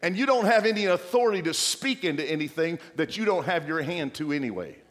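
Preaching pastor in an echoing hall. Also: male voice, fairly high pitch, expressive, quick pace. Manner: exhorting, playful asides and mock voices of the congregation. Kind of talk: sermon.

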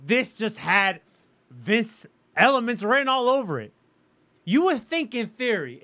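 A man's voice: high voice, pushed and bright. A man co-hosting a casual wrestling podcast, opinionated and emphatic, swearing freely as he rants about booking. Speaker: podcast co-host.

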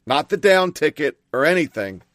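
A man's voice: a little high, big pitch swings, normal speed, fairly bright tone, dry recording, clean studio sound. Angry, profane middle-aged male host. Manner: angry, blunt and profane ranting. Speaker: talk show host. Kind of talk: opinionated talk radio monologue.

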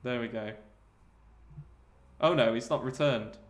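A man with a mid-range, unhurried voice co-hosts a podcast over a video call, telling a comic story amid lots of laughter in casual comedic chat.

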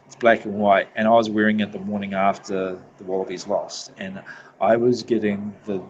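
Low-voiced New Zealand man chatting. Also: flat delivery, lo-fi sound, a little hiss or hum. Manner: laughs often, swears freely, halting restarts. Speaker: podcast guest. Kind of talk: casual podcast chat.

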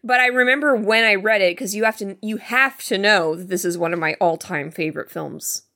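A woman's voice: mid-range voice, a little fast, sharp tone. A woman co-hosting a podcast, chatting casually and emphatically about a movie, cursing freely. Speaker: podcast co-host. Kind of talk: casual movie review chat.

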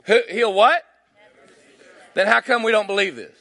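A man preaching a sermon, reading scripture slowly and with emphasis, and calling on the congregation to answer back. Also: high-pitched, big pitch swings, sharp tone. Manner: call-and-response, drawn-out emphatic scripture reading.

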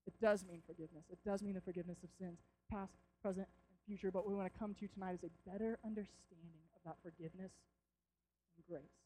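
Young male preacher, high voice, energetic anecdotal sermon delivery. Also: fast, slight background noise. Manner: animated storytelling, acts out shouts and quotes.

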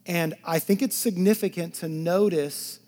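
A male pastor preaching a sermon, swinging from loud emphatic lines to hushed near-whispers, with chatty asides to the congregation. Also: sits high, measured pace.

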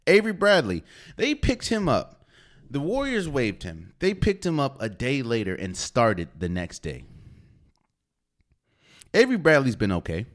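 A man hosting a solo sports podcast, talking casually and opinionated, with slang and rhetorical questions. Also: medium pitch. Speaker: podcast host.

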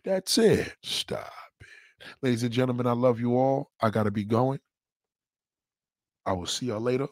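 A man hosting a livestream, giving a blunt, profane motivational rant and slowly repeating a mantra. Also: medium pitch, no room sound, studio quality. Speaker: livestream host.

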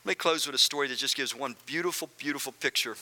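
A man's voice: mid-range voice, quick pace, bright, forceful tone. A male pastor preaching a sermon, speaking earnestly and directly to his congregation and repeating phrases for emphasis.

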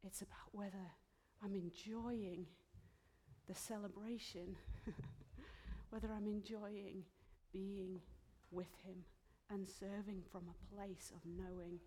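A woman preaching a sermon in a church, heartfelt and emotional, dropping into soft whispered asides. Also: mid-range voice, fairly even intonation, takes it slowly, breathy edge.

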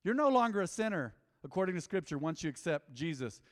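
A middle-aged man preaching a sermon as pastor, lively and humorous, with acted-out quotes. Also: on the high side, fast talker. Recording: echoey hall with long reverb.

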